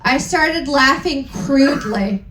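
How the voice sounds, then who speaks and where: A woman's voice: sits high, expressive, takes it slowly, a crowd in the background. A tipsy woman giving a live comedic reading, giggling and cursing through asides. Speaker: dramatic reader. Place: live event venue. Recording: roomy echo.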